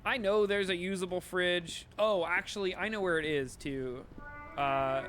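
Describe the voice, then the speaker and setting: A man streaming a video game, chatting in a joking, excitable way and reading the game's text aloud. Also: high-pitched, a little slow, a little hiss or hum.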